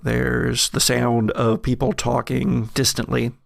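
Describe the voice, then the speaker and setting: A man narrating a tabletop horror game as game master, measured and halting with vivid description. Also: medium pitch, little pitch movement, creaky, dry recording, clean studio sound.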